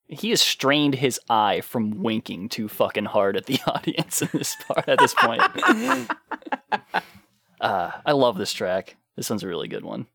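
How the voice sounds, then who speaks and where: A man's voice: mid-range voice, creaky, a bit bright, dry recording. A man co-hosting a casual album discussion podcast, laughing often and swearing casually. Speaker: podcast co-host.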